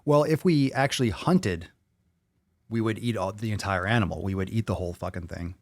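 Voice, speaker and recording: A man's voice: fairly low pitch, brisk, no room sound. A man hosting a podcast, reading viewer comments aloud and reacting to them bluntly, with a lot of swearing. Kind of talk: casual chat.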